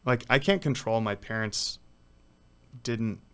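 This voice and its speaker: A man's voice: lowish voice, slow pace, fairly bright tone, smooth. A man, a professional athlete, talking casually in an interview, rambling through stories with lots of "like" and "you know.". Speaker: guest, professional water polo player.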